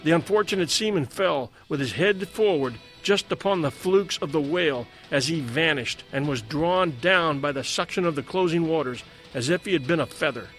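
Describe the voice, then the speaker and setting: A man reading a dramatic sea adventure aloud as a narrator, in a measured way. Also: on the high side, expressive, fairly bright tone, faint music behind. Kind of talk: scripted story narration.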